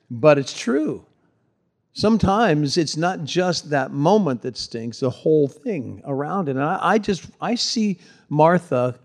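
A middle-aged man, a pastor, giving a sermon in a conversational, folksy way with touches of humor. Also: a little high.

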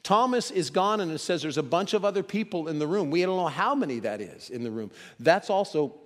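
A man preaching a sermon, moving between loud emphasis and hushed, dramatic quotes. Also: on the high side, expressive, a little fast, big-room sound.

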